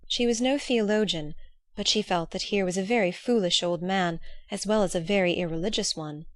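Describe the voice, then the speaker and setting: Woman reading an old novel aloud, steady and measured, dry studio sound. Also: medium pitch, dry recording. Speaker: audiobook narrator. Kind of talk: scripted narration.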